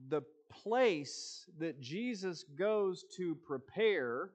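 A man with a slightly raised pitch preaches in an easygoing, conversational way. He takes his time, stopping on "um" and restarting his sentences as if chatting with the congregation. The delivery is folksy and unhurried. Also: expressive. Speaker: pastor. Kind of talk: conversational sermon.

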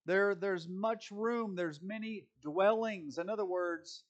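Slow, chatty man preaching a sermon. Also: high voice, highs cut off. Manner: folksy, chatty, with frequent fillers and restarts. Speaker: pastor. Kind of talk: conversational sermon.

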